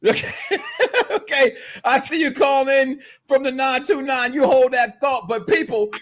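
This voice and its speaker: A man hosting a casual wrestling talk show, loud and joking with plenty of trash talk. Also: extremely high pitch, steady tone, normal speed. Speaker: show host.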